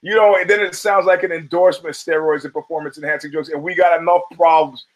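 A man's voice: fairly high pitch, steady tone, fast talker, rough recording. A man hosting his own podcast, talking bluntly with profanity and laughing asides. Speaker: podcast host. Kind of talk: casual podcast monologue. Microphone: camera and studio mic.

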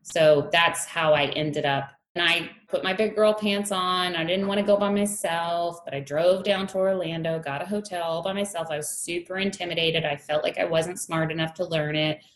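A woman's voice: on the low side, steady tone, normal speed, few pauses. A woman in her thirties, a strength coach, telling her story in an interview candidly, laughing often. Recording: echoey room, faint ambience.

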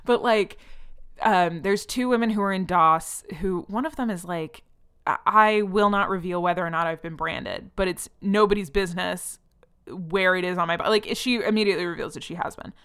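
A young woman hosting a podcast, talking casually with many fillers and lively quoted asides. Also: on the low side, normal speed, smooth. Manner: chatty, frequent "like" fillers, animated quoting of people. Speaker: podcast host. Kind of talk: casual commentary monologue.

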